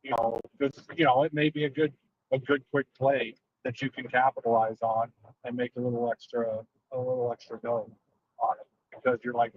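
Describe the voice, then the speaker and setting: A man calling into a stream, talking in a hesitant monotone with many fillers. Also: mid-range voice, moderate pace, lo-fi sound, a little hiss or hum. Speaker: caller. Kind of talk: casual call-in chat.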